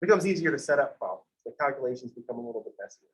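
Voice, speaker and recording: A man's voice: medium pitch, expressive, rapid-fire, low-quality recording. A man teaching a math class in a conversational lecture style, with playful digressions.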